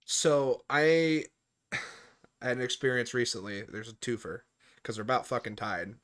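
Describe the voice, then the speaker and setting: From a home room on voice chat, a podcast host talks at a moderate pace in a mid-range voice, chatting casually. His work stories are animated and full of swearing, with him voicing the people in them.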